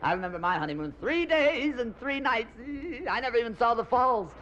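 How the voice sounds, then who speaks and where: A man doing a stand-up comedy routine, rambling through bawdy jokes and quick voice changes. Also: extremely high pitch, animated, sharp tone. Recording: dull lo-fi old comedy record with faint hiss.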